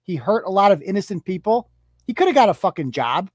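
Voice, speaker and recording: A woman's voice: mid-range voice, sing-song, fast talker, darkish tone, slightly rough, no echo. Sarcastic, foul-mouthed woman ranting. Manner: sarcastic, mocking, profane. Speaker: live show host. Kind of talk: profane ranting commentary.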